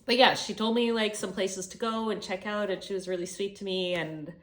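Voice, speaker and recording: A woman's voice: mid-range voice, steady tone, moderate pace, a bit bright. A young woman from Canada telling a travel story in a chatty vlog, swearing freely and acting out what people said. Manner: chatty, swears freely, retells dialogue animatedly. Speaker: travel vlogger.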